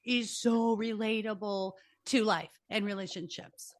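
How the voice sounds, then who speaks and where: A woman's voice: mid-range voice, steady tone, unhurried, dry recording. A woman hosting a podcast interview, a life coach who talks with energy and emphasis. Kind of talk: conversational interview.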